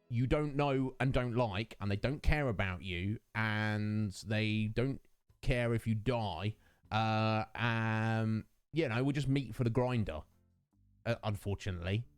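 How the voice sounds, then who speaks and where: A man's voice: mid-range voice, clean tone, no echo. A young man hosting a casual stream, rambling with lots of fillers and self-mocking asides. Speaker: livestream host. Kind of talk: casual chat with viewers.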